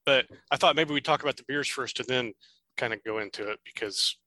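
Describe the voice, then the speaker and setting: A man co-hosting a casual podcast, chatty and quick to laugh, often restarting his sentences. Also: mid-range voice, pushed and bright, dry recording. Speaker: podcast co-host. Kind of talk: casual chat.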